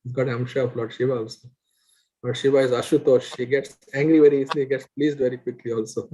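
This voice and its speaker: A man's voice: mid-range voice, fast talker, slight background noise, low-quality recording. A man telling a devotional story, acting out the characters and laughing often. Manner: animated, acts out quoted characters, laughs often. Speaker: guest speaker. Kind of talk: storytelling religious talk.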